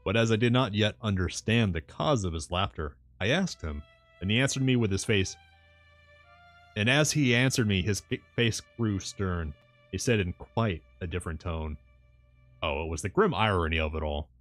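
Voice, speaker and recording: A man's voice: on the low side, normal speed, no room sound. A man streaming a novel reading from a home setup, narrating and breaking off into wry, amused asides. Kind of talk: audiobook narration with joking asides. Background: faint background music.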